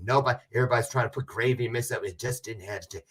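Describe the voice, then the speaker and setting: A man's voice: mid-range voice, rapid-fire, fairly bright tone, slightly rough. A man hosting a casual livestream, chatting with viewers in a rambling, joking way with self-aware asides. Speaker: livestream host.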